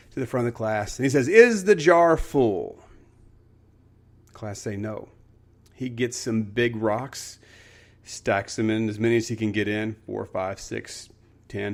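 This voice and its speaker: A man hosting a podcast, talking earnestly in a casual motivational monologue and telling a story. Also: on the low side. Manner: earnest, storytelling, frequent restarts. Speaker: podcast host.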